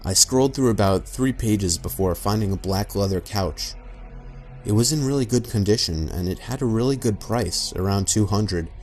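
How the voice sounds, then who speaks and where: A man narrating a scripted horror story in an even, matter-of-fact way. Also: fairly low pitch, normal speed. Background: faint background music.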